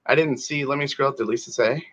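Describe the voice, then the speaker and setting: A man's voice: mid-range voice, fast talker, a bit bright. A man from the northern United States hosting a webinar, joking and rambling with lots of fillers. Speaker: webinar host. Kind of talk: casual chat.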